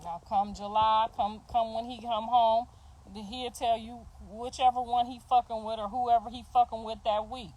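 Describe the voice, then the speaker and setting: A woman's voice: a little high, flat delivery, normal speed, darkish tone, slight background noise, poor audio. A middle-aged woman in a heated casual rant, profane and confrontational, laughing between her jabs as a mother defending herself. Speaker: mother ranting on a livestream.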